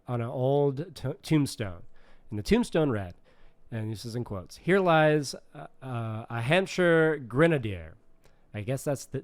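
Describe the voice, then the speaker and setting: Smooth-voiced man co-hosting a podcast. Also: mid-range voice, dark tone, dry recording. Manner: laughs often, explains as he reads. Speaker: podcast co-host. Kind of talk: casual chat and reading aloud.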